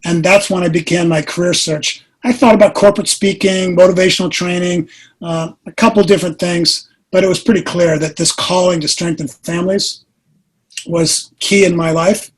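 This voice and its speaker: A man in his sixties, a podcast guest, earnestly telling a personal story with animated delivery. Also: high-pitched, moderate pace, slightly rough, rough recording. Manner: earnest, animated storyteller who acts out quotes.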